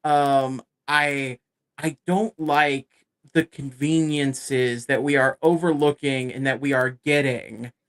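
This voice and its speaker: A man's voice: medium pitch, slow pace, clear, resonant tone. A man co-hosting a casual podcast, ranting and swearing freely, often mimicking other people as he retells what they said. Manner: animated, swears a lot, ranting. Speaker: podcast co-host.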